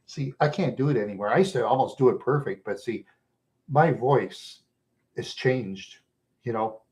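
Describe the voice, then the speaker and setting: A Minnesota livestream host rambles casually with his viewers, chuckling often between loose stories. His mid-range voice is rough, worn down by smoking, and a little mellow, and he talks at a moderate pace.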